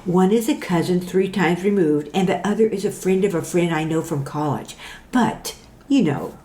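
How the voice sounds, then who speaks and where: Woman reading a doting mother with a lively, up-and-down voice, roomy sound. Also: medium pitch, takes it slowly. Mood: confiding. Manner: gushing, then hushed and confiding. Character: doting chatty middle-aged mother. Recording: roomy echo.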